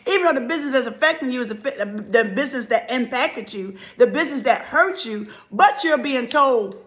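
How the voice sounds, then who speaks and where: A middle-aged woman giving an impassioned motivational speech, preacherly and repetitive, swinging between loud and soft. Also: sits high, animated, brisk, hardly any pauses. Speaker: motivational life speaker.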